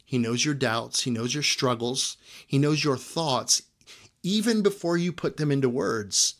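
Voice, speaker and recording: A male pastor delivering a sermon in a relaxed, conversational way. His pitch sits in an ordinary middle range for a man. He keeps checking in with the congregation with short "right?" asides. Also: unhurried. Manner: conversational preaching with frequent "right?" check-ins.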